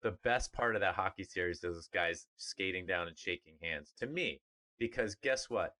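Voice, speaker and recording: On a sports podcast, a middle-aged former pro player talks casually at a normal speed as co-host. His fairly low voice carries a bright, forceful edge. Animated and emphatic, he imitates others with funny voices.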